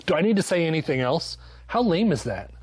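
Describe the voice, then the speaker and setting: A man's voice: fairly high pitch, big pitch swings, fairly quick, a little mellow, slightly rough. A man giving a casual, sarcastic book review, swearing freely and tossing in mock-voiced asides. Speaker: book reviewer, channel host.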